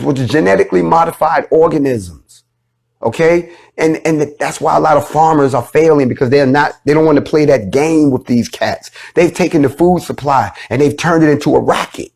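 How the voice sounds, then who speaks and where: A man's voice: medium pitch, a little mellow. A man giving an informal, preachy talk, blunt and swearing freely. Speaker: speaker addressing followers. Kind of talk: informal lecture.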